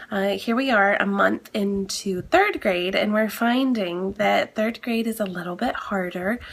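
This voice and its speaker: A woman's voice: mid-range voice, gravelly, a bit bright, breathy edge. A woman in her thirties with a cold and a nasal voice, chatting casually in a homeschooling vlog, with frequent ums and uhs. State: has a cold. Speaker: homeschooling mom vlogger.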